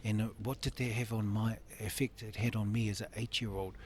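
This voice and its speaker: A man in his fifties speaks with a lowish voice, sharing candid personal stories as an interview guest. He laughs often and acts out other people's voices as he goes. A faint ambient hum sits behind him. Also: steady tone, a little fast. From Samoan family. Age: 50s.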